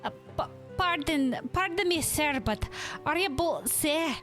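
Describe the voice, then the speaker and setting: A woman's voice: high-pitched, lively intonation, slow pace, a bit bright, pitched above the performer's own voice, exaggerated voice. An eager young adventurer, polite and a little formal, with a lifted, earnest voice, as a woman plays the part. Faint game music sits under the lines.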